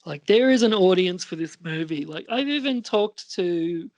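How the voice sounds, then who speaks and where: A man's voice: sits high, animated, moderate pace, background noise. A man co-hosting a podcast, chatting casually about films in a rambling, hesitant way with many fillers. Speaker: podcast co-host. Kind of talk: casual film chat.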